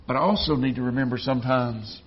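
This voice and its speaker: A man preaching a sermon to a congregation, speaking earnestly and growing louder when he quotes scripture. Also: mid-range voice, quick pace, husky. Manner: earnest, rising in volume when quoting scripture. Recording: dull lo-fi sound.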